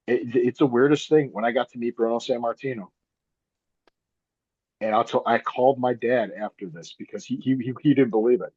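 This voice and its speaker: A man's voice: medium pitch, brisk, dark tone, husky, no room sound, highs cut off. A man, a wrestler guest chatting casually, rambling and repeating himself with frequent laughs. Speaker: guest, pro wrestler and podcaster. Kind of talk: casual interview chat.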